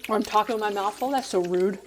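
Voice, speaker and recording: A woman's voice: mid-range voice, fast talker, a little hiss or hum. A middle-aged woman chatting while she cooks on a livestream, rambling and self-deprecating. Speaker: cooking livestreamer. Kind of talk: casual chat while cooking on a livestream.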